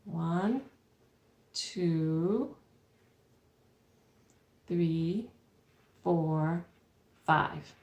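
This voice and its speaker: Woman, children's librarian, storytime rhymes, slow and unhurried, gentle, mid-pitched. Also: gravelly. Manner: gentle, patient, sing-song.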